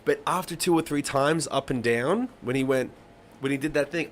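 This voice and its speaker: Here a thirty-something man runs a live songwriting stream, telling meandering stories and cursing freely as he chats with viewers. His medium-pitched voice moves at a normal speed with barely a pause, over slight background noise.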